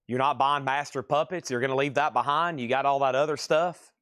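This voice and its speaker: A man's voice: mid-range voice, steady tone, a little fast, a bit bright, natural voice. A man voicing an exasperated adult male metal singer, incredulous and scolding in an offhand impression.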